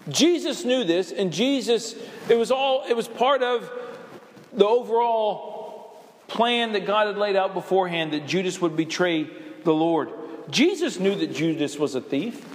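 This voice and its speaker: Male preacher, high-pitched and fervent, heard in an echoey sanctuary. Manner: impassioned preaching, acts out quoted voices. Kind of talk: sermon. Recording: echoey hall reverb.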